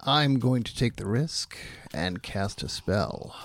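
A man's voice: on the low side, sing-song, takes it slowly, a bit bright. Man, tabletop player, thinks aloud, asks questions, casual. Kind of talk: casual game talk.

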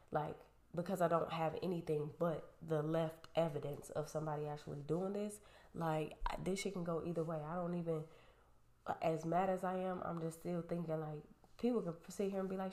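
A woman with a low, heavy voice tells a storytime straight to her viewers. She is animated and profane throughout. Her voice bounces around a roomy space. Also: brisk. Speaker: vlogger. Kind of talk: storytime rant. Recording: roomy echo.

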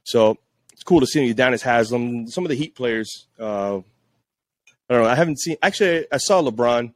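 A man telling stories in a casual podcast chat, jumping into high voices when he quotes people. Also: normal speed, no room sound. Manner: animated, acts out quotes in a high voice. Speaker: podcast guest, police social media officer.

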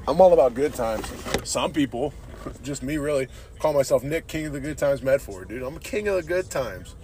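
A man's voice: medium pitch, animated, a little fast, a little mellow, a little hiss or hum. A man hosting a podcast, talking in a casual, rambling way, swearing often and calling everyone "dude". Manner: profane, laid-back, says "dude" constantly. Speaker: podcast host.

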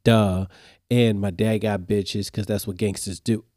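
Cocky swaggering preschool boy, as a man quotes him, low mellow voice, quick sassy talk. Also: flat delivery, no echo, clean studio sound, natural voice. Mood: brash.

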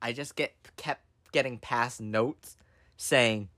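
A man's voice: fairly high pitch, normal speed, no echo. A young man spins a story on a podcast in a slightly raised voice. He keeps restarting his sentences and laughing along. The sound is dry and close. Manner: animated, full of fillers and restarts, laughs often. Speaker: podcast host. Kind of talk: casual storytelling chat.

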